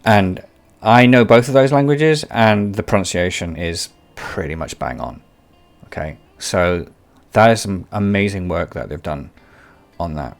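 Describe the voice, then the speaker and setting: A man with a fairly low voice talks through an AI video tool like a tutorial host. He rambles, circles back and repeats himself as he hunts for words. The delivery stays casual and unscripted. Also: expressive, measured pace, soft background music. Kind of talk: tutorial commentary.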